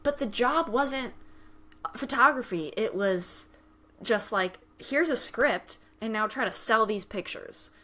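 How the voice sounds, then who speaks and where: A young woman hosting a casual podcast chat, with a bright, forceful voice pitched a little high. She tells stories animatedly, switching into the voices of the people she quotes and laughing often. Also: expressive, slow. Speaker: podcast host.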